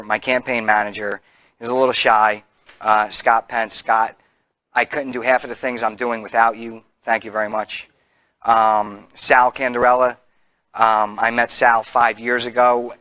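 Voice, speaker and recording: Earnest halting man giving a campaign speech. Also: fairly low pitch, bright, forceful tone, no echo. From New Jersey. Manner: halting, earnest, many fillers and restarts. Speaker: political candidate.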